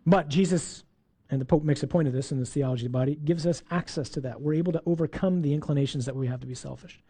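A man giving a faith lesson on scripture, lively and playful, acting out voices in his asides. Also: on the high side, quick pace, slightly rough. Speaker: teacher.

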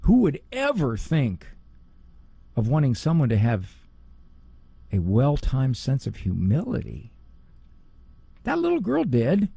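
Middle-aged guy, psychologist giving a talk, gravelly and husky, pitch all over the place. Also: no echo. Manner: animated, quick to mimic others in a high voice. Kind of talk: talk on parenting and faith.

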